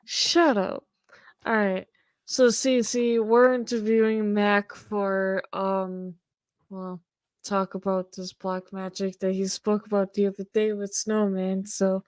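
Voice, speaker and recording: A woman's voice: medium pitch, little pitch movement, slow, smooth, no echo. A woman hosting a casual stream chat, swearing constantly and laughing often. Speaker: host.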